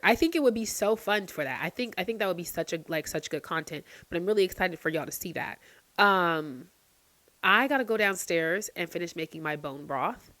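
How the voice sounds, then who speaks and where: A woman vlogger in casual late-night chat to the camera, swearing freely and ranting with sudden loud outbursts. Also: medium pitch, no room sound.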